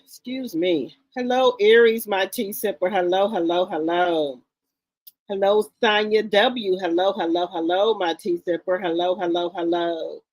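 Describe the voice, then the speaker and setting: A woman's voice: fairly low pitch, fairly even intonation, measured pace, darkish tone, no room sound. A woman hosting a casual livestream, greeting viewers one by one with repeated hellos in an informal, chatty way. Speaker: livestream host.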